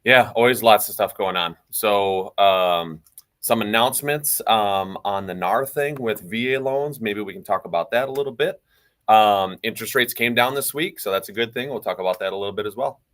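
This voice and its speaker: A man co-hosting a live radio talk show in a studio, speaking briefly and relaxed with a few "um"s. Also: lowish voice, moderate pace. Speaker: radio co-host and mortgage lender.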